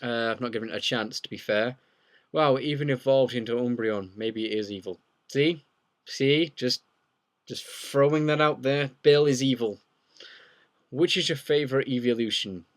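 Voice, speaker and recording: A man's voice: medium pitch, normal speed. A young man chats on a livestream in a mid-range voice, wandering from one question to the next. His delivery is loose and jokey, full of asides as he reads out what viewers have typed. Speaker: livestream host. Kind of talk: casual live Q&A chat.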